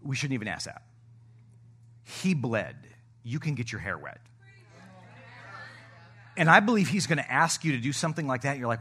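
A middle-aged male pastor preaching a sermon, joking with the congregation and swinging between loud shouting and soft asides. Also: mid-range voice, very animated, moderate pace, pauses often, husky.

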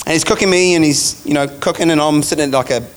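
A man's voice: a little high, fast. A man preaching a sermon, telling a vision story in a casual, chatty way and laughing along.

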